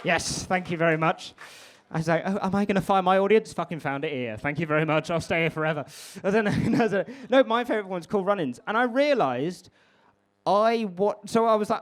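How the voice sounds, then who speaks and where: A man's voice: high-pitched, lively intonation, a little fast. A man doing stand-up, chatty and rambling, swearing often. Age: 20s. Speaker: stand-up comedian. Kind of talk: stand-up comedy with crowd work. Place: comedy club stage before a live audience.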